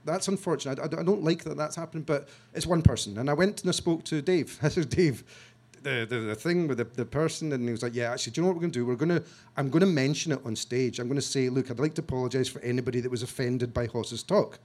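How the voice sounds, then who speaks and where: A man from Scotland telling a story to an audience, self-mocking and halting, with frequent restarts, acting out what other people said. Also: mid-range voice, darkish tone. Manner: halting restarts and repeated words. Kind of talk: storytelling talk.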